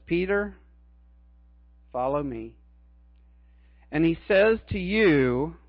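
A man's voice: on the high side, no room sound, lo-fi sound. A middle-aged man preaching a sermon as a pastor, earnest and emphatic, repeating his key phrases.

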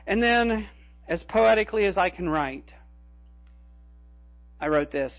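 A male pastor preaching a sermon in a church, dramatic, swinging between loud cries and hushed asides. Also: high-pitched, expressive, unhurried, pauses often, no room sound, highs cut off.

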